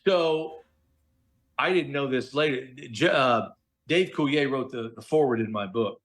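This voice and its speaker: In podcast audio, a middle-aged man who works as a voice actor appears as a guest and tells stories in a relaxed interview. His voice is mid-range and unhurried, and he's animated, imitating the voices of people he quotes.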